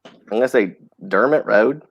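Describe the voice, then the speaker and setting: A man's voice: on the low side, normal speed, gravelly, no room sound, muffled recording. A man joining a casual late-night chat, cracking crude jokes. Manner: joking, lively delivery.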